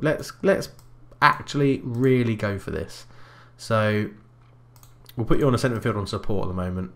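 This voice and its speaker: A man casually commentating his own football management game, chatty and breaking into excited bursts of match play-by-play. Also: medium pitch. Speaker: gaming YouTuber.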